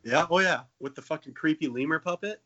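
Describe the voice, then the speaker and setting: A man's voice: a little high, brisk, sharp tone, muffled recording. A man in his late twenties, joking and swearing in a casual comedic chat as a podcast co-host. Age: 20s. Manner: jokey, profane, playful.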